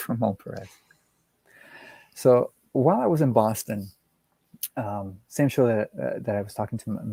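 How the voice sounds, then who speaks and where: A man's voice: lowish voice, vocal fry, mellow, no echo. A man in casual chat as a guest, rambling with frequent laughs and restarts, over a video call. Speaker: guest comic art collector.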